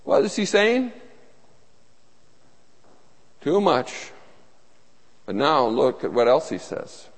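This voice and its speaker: A man preaches with earnest emphasis, his voice somewhat high and moving widely up and down. He repeats phrases to drive points home. The sound carries the long reverb of a large hall. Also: big pitch swings, takes it slowly, pauses often. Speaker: pastor. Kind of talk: sermon.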